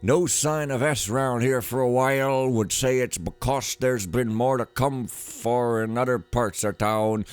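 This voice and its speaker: A man's voice: mid-range voice, unhurried, hardly any pauses, clean tone, faint music behind, voice pushed up, close to an everyday voice. A man reading out notes in the voice of a crooked male gang boss, coarse, bossy and threatening.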